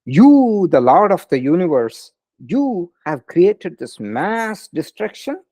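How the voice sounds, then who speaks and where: A man putting on a shrill, indignant ancient sage. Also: sing-song, measured pace, mellow, no echo. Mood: outraged. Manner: shrill, outraged questioning. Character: indignant ancient male sage, quick to curse. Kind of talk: storytelling in a lecture.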